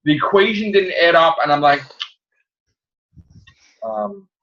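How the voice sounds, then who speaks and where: A man hosting a casual podcast chat, ranting with shouted mock outrage. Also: fairly high pitch, measured pace, highs cut off. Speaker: podcast host.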